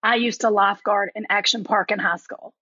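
A woman's voice: mid-range voice, steady tone, brisk, pushed and bright, no room sound, lo-fi sound. A woman from Kentucky with a Southern accent, chatting animatedly as a podcast guest and calling people honey. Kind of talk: casual chat.

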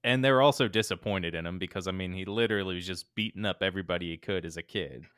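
A lower-pitched man telling a story casually, leaning on fillers and building to the exciting bits. The sound is dry and close, with no room around it. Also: fast, clean tone, no echo. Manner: laid-back, animated retelling with fillers. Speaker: podcast co-host telling the story.

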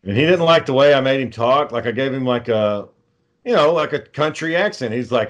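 A man's voice: mid-range voice, animated, a little fast. A man, telling rambling, profane stories in a casual chat. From Texas. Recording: dull lo-fi sound.

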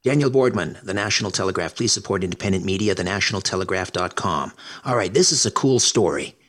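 A man's voice: deep voice, animated, fast talker, fairly bright tone. A man hosting a talk radio show, conversational and affable as he questions guests and introduces segments.

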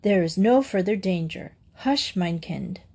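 A woman reading aloud, voicing a calm, gentle older male doctor in a storybook. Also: on the low side, unhurried, breathy edge, full character voice.

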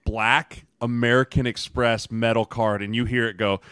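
A man's voice: mid-range voice, flat delivery, normal speed, a bit bright, clean tone, dry recording, studio quality. A man co-hosting a football podcast, telling a team dinner story in casual chat with mocking quoted lines. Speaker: podcast co-host, former NFL lineman.

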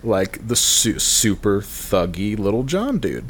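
A man with a low voice tells a comic story on a podcast. He rambles, swears casually and laughs at his own expense. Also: very animated, slow pace, heavy background noise. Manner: rambling, self-deprecating, profane, often laughing. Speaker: podcast guest telling a story.

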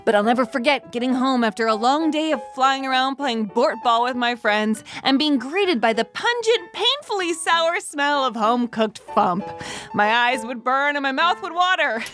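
A woman's voice: sits high, moderate pace, faint music behind. A woman playing a cheerful alien chef in a children's audio comedy, talking in a bubbly, theatrical way. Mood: cheery. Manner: bubbly, animated, playfully theatrical.

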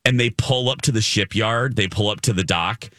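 Low-voiced male show host. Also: normal speed, fairly bright tone, no echo, clean studio sound. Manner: chatty storyteller, acts out quotes. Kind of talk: casual chat.

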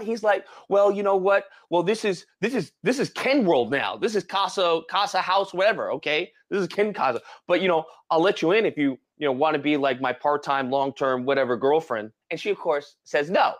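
A man co-hosting a podcast, retelling a movie plot in casual chat with animated, dramatic exclamations. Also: fairly high pitch, brisk, few pauses. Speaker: podcast co-host.

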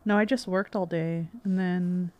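Woman co-host, slightly low voice, halting and easygoing in conversation. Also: steady tone, no room sound, lo-fi sound. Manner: hesitant, many ums and restarts, laughs easily. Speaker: podcast co-host. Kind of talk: casual chat.

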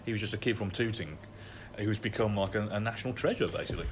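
A man's voice: lowish voice, fast, slight background noise. A man hosting a podcast in casual chat, steering the talk and moving it along to new topics. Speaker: podcast host.

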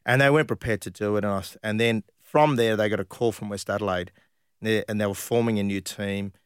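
A middle-aged man, telling lively football anecdotes in a casual interview and acting out what others said. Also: fairly low pitch, fast, clean tone, dry recording, clean studio sound. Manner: animated anecdotes, acts out quoted voices, laughs often. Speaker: interview guest, former footballer.

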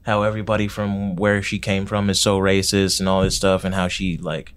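A man with a low voice chatting loosely as a comedian. His talk is full of "like" and restarts, and he swings up sharply when he acts out his own lines. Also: monotone, a little fast, clear, resonant tone. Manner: loose, filler-heavy, jumps high when quoting himself. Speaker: stand-up comedian. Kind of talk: casual chat.

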